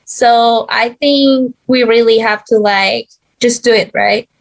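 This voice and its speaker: A woman hosting a podcast who speaks in a soft, hesitant way with frequent fillers. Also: a little high, fairly even intonation, takes it slowly, creaky. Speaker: podcast host. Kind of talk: casual interview chat.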